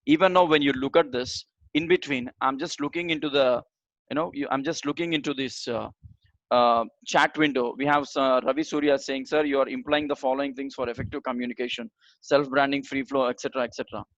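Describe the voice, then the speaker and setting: Male trainer, lively rise and fall in his tone, muffled video-call audio. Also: mid-range voice, dry recording. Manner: animated, varies tone up and down deliberately. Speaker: communication trainer. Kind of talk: online training session.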